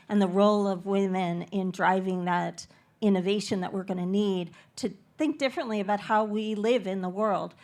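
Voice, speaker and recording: Emotional woman moderating a panel. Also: medium pitch. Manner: warm, emotional. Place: conference stage.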